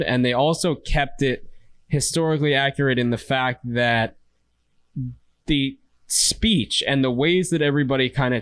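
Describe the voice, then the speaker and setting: A man's voice: mid-range voice, no room sound. A man co-hosting a podcast, chatting casually about films and acting out lines from scenes. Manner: animated, quotes scenes in playful voices. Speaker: podcast co-host. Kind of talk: casual film discussion.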